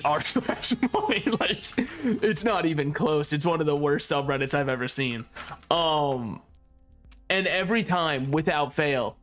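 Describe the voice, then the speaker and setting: Over faint game music, a young man gives casual commentary on his stream in a fairly bright voice on the high side. He's jokey and sarcastic, laughs often and swears without holding back.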